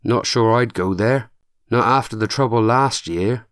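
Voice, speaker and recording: A man's voice: mid-range voice, clean tone, no echo, studio quality, close to an everyday voice. A man voicing an anxious, eager young male apprentice with a Suffolk accent, stretching his vowels as he speaks, in an audiobook. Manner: broad drawn-out vowels when excited.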